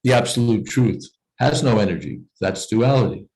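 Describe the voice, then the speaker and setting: A man's voice: mid-range voice, expressive, normal speed, darkish tone, low-quality recording. A man leading a scripture reading class over a video call, explaining points thoughtfully with frequent "you know" asides.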